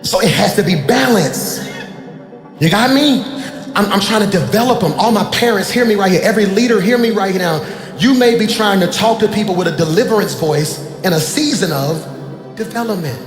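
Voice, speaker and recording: Preaching man with a slightly high voice. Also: normal speed. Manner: conversational preaching, swings between soft talk and loud emphasis. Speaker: pastor. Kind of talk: sermon. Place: church sanctuary. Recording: echoey church hall with music behind.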